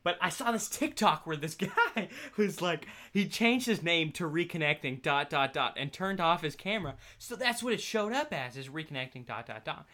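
Lively giggly young man telling a story. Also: a little high, normal speed, hardly any pauses. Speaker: college student vlogger. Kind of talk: casual storytelling.

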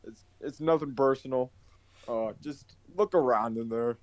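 A man's voice: mid-range voice, measured pace, darkish tone, dry recording. A man playing a tabletop game who talks in a rambling, jokey way with many fillers. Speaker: player. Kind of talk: casual tabletop game play.

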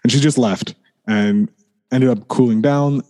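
A man as a podcast guest, candidly recounting a hard period in a rambling way, full of restarts, and quieter as things get heavy. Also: medium pitch, unhurried. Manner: rambling, heavy use of "like", frequent restarts, swears and apologizes. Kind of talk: candid personal storytelling.

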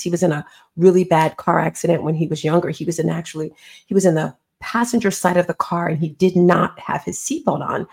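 A middle-aged woman, an author appearing as an interview guest, earnestly retells a personal story in a conversational way, acting out the dialogue. Her voice is on the low side, darkish, with a breathy edge.

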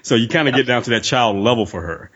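A man co-hosting a relaxed podcast, firing off his thoughts at a fast clip in a husky, breathy voice. The audio is a bit dull and lo-fi. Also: medium pitch. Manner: rapid, laughing, chatty. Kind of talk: casual chat.

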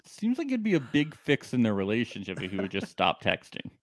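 A man's voice: lowish voice, huge pitch swings, a little fast, no echo. A man co-hosting a casual podcast, recapping a reality show with jokes and laughter. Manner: joking, often laughing, quoting people in put-on voices. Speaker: podcast co-host.

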